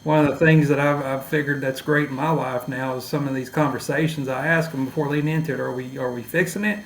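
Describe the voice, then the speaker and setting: A man's voice: mid-range voice, fairly even intonation, fast talker, roomy sound, slight background noise, low-quality recording. A man from East Texas, a podcast guest talking candidly in casual conversation, with swearing and self-deprecating humor.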